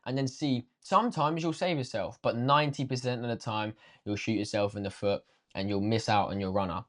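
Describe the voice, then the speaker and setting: A man's voice: lowish voice, fairly quick. A young man teaching a casual trading lesson, slangy and swearing freely, talking straight to viewers. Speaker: trading coach.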